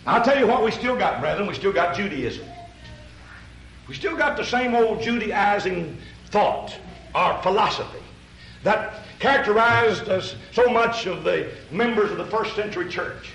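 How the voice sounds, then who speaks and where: A man's voice: high voice, animated, unhurried, vocal fry, a bit bright, reverberant, slight background noise, low-quality recording. A man preaching a sermon in a folksy, conversational way, addressing listeners directly and asking rhetorical questions.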